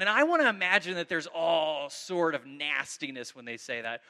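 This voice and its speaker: A male pastor delivering a sermon with a high, piercing voice that rings in a long hall reverb. He reads scripture in a heightened, dramatic way, then drops into loose, conversational asides that stop and restart mid-sentence. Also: moderate pace. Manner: animated preaching, reads scripture aloud dramatically; conversational, self-interrupting.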